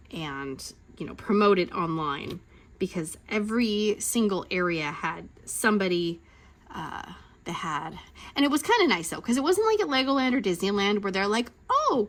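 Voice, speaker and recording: A woman in her thirties hosting a crafting channel, telling a rambling story in a chatty rant and acting out quotes in sudden high voices. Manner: rambling and animated, acting out quotes with big pitch jumps.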